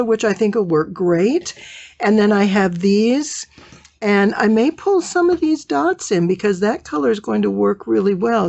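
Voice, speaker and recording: A woman's voice: medium pitch, gravelly, darkish tone, dry recording. A woman teaching quilting in a casual tutorial, chatting and thinking aloud as she sorts fabric.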